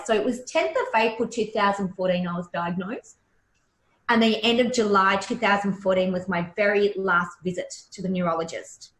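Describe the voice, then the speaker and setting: A woman's voice: medium pitch, fairly bright tone. A woman in her forties, a hypnotherapist guest, telling a personal story in a blunt, emotional way and swearing freely. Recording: roomy echo.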